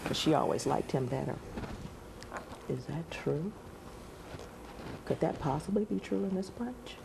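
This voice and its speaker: A woman's voice: low voice, lively intonation, normal speed, creaky, dark tone, slight background noise. Upbeat woman hosting a TV game show. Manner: upbeat, chatty, laughs often.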